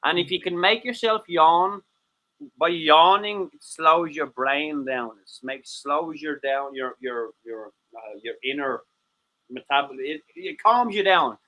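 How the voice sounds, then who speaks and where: A man's voice: on the high side, a little slow, sharp tone, low-quality recording. A man co-hosting a livestream, rambling and joking, swearing freely and greeting viewers in the chat. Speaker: co-host of a livestream show. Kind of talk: casual chat.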